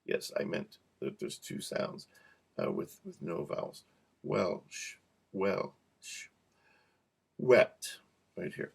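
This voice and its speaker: Slow, gravelly male instructor. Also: low voice, sing-song. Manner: repeats practice words slowly, jokes softly. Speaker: cueing instructor. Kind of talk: relaxed teaching to camera.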